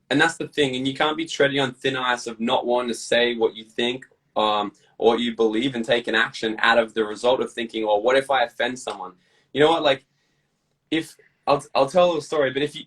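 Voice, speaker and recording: A man being interviewed, talking bluntly with lots of swearing and lively storytelling. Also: medium pitch, distant mic, poor audio. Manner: blunt, profane, animated storytelling. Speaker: guest. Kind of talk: casual interview chat.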